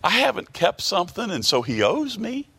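A man's voice: high-pitched, wildly swooping pitch, moderate pace, gravelly, fairly bright tone, husky. A man preaching a sermon, reading scripture aloud and explaining it earnestly, often repeating words as he searches for the next phrase.

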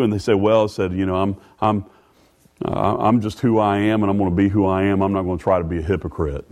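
Folksy preaching man. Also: a little mellow. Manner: folksy, repeats words, rises in pitch on scripture. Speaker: pastor. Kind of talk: sermon.

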